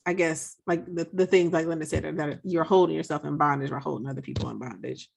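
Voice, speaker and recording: Low gravelly woman in casual talk. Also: steady tone, quick pace, slight background noise. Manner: reflective, emphatic, many fillers. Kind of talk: casual discussion.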